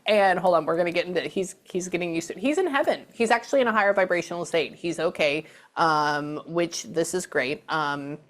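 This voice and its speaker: A young woman gives a mediumship reading in a chatty, casual way, often dropping to a whisper to listen and then speaking up brightly again. Her voice is fairly low, brisk, with hardly any pauses.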